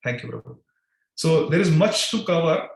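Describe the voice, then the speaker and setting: A man with a gravelly, somewhat high voice leads a devotional scripture class at a moderate pace, recorded in a roomy space. He chants verses and animatedly, dramatically voices the gopis' sarcastic questions to his listeners.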